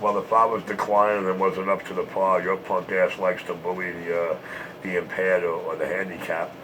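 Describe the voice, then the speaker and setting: A man's voice: low voice, level tone, normal speed, noisy background. A man trash-talking and taunting in a repetitive, boastful way, short of breath from smoking.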